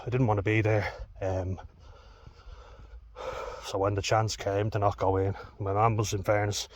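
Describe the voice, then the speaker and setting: A man telling a personal story in a blunt, candid way, swearing often. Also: fairly low pitch. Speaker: vlogger.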